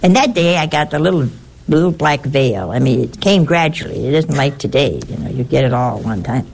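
An older woman, a nun, telling a personal story in a halting way, repeating words and adding chatty asides. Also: rumbling low, expressive, creaky, darkish tone.

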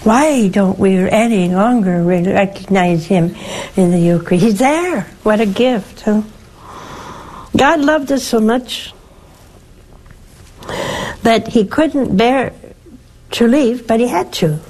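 Slow, gentle older woman preaching. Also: medium pitch, expressive, rough recording. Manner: slow, gentle, emphatic, with rhetorical questions. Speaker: nun hosting a call-in show. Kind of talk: religious teaching and call-in advice.

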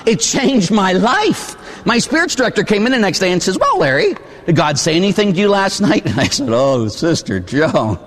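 Man, catholic priest, storytelling sermon, fairly high voice, lively, long reverb. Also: a little fast, hardly any pauses. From Pittsburgh. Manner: animated, acts out voices, shouts at peaks.

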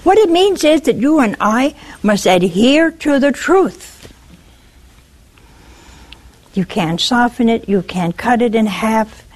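Animated woman preaching a sermon. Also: fairly high pitch, slow, long pauses. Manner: animated, questioning the listeners directly.

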